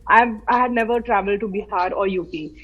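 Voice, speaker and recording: A woman's voice: medium pitch, a little fast, lo-fi sound. A woman from central India, a guest in a remote interview, telling a story with animation and quoting remembered voices. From Madhya Pradesh, India. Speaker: guest, film artist. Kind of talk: casual interview. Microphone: remote call from her home city.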